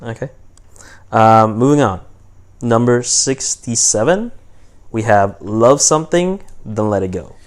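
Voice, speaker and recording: A man's voice: mid-range voice, animated, measured pace. A man co-hosting a podcast in casual chat, giving short, dry replies and moving the talk along. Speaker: podcast co-host.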